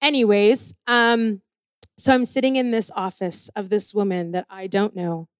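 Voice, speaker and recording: A woman telling a personal story in an animated, self-deprecating way, acting out the people she quotes. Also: mid-range voice, a little slow, clean tone, no echo, clean studio sound. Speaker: speaker sharing a personal testimony.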